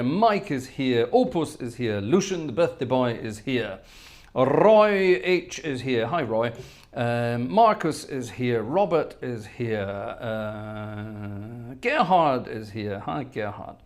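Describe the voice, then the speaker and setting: A man hosting a live stream, casually greeting viewers one by one by name and humming while he scans the chat. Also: medium pitch. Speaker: host of a live-streamed organ music show.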